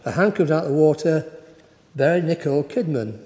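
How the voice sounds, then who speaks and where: A man's voice: on the high side, expressive, fairly quick, warm tone. A male preacher giving a sermon in a conversational, wry storytelling manner, heard in a church. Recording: echoey church hall.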